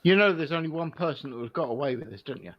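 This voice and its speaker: A man's voice: fairly high pitch, animated, rapid-fire, highs cut off. A man co-hosting a casual stream who makes puns and plays innocent. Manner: punning, mock-innocent joker. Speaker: stream co-host.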